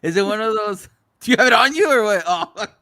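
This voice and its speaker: A man's voice: sits high, lively intonation, brisk, sharp tone, no room sound, studio quality. A man hosting a podcast, telling stories in casual chat, swearing freely and acting out other people's lines. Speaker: podcast host.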